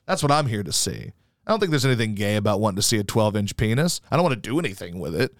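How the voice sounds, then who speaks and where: A man's voice: big pitch swings, rapid-fire, no echo. A man hosting a sports talk radio show, crude and jokey, chatting casually at a studio mic. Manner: crude, jokey, breaks into mocking high-pitched impressions.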